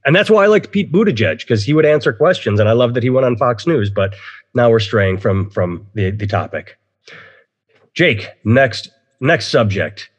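A man's voice: medium pitch, expressive, moderate pace, muffled recording. A man hosting a casual podcast, rambling opinionatedly and swearing freely. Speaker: podcast host. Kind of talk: casual chat.

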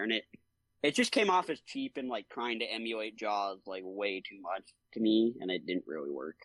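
A man's voice: lowish voice, moderate pace, dry recording, poor audio. A young man co-hosting a podcast, chatting casually about a movie, laughing often and acting out lines from it. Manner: animated, laughs often, acts out quotes. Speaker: podcast co-host.

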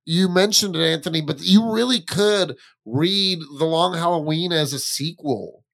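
A young man with a slightly high voice chats on a podcast. He rambles in a relaxed way and fills his talk with "like" and "dude". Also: normal speed, gravelly. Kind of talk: casual chat.

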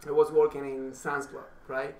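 A man's voice: a little high, far from the mic. Man, echoey and off-mic. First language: Spanish. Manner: animated, laughing storyteller with halting restarts. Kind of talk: casual storytelling chat. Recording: roomy and off-mic with faint noise.

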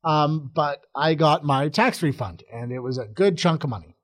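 A man's voice: fairly high pitch, moderate pace. A young man co-hosting a casual podcast, talking in a rambling, hesitant way with many fillers. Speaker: podcast co-host. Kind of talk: casual chat.

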